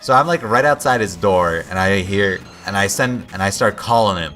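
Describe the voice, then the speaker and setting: Over faint background music, a young gameplay commentator with a lowish, fairly bright voice spins a meandering story at a moderate pace. He often breaks off mid-sentence to start again and repeats his own past words.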